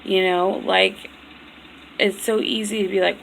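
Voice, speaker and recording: A woman's voice: medium pitch, little pitch movement, a little slow, gravelly, slight background noise, low-quality recording. A young woman telling a personal story in a vlog, blunt and profane, venting with emotion. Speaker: vlogger.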